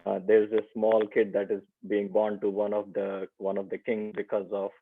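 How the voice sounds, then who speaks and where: Low-voiced man on a tinny phone line. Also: completely flat delivery, creaky. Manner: hesitant, many "uh" pauses. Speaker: class participant. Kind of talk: casual sharing.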